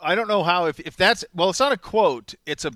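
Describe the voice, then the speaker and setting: A man co-hosting a sports talk show, speaking with emphatic, excitable energy and repeating words for stress. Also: high voice, a little fast, no echo, studio quality. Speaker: sports radio co-host.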